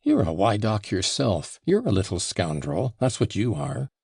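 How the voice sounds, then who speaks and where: A man's voice: on the low side, wildly swooping pitch, moderate pace, creaky, a little mellow, slightly rough, no room sound, studio quality, exaggerated voice. A man reading an audiobook and voicing a reckless young man, drunk and passionate, who blusters and then mutters. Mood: scornful.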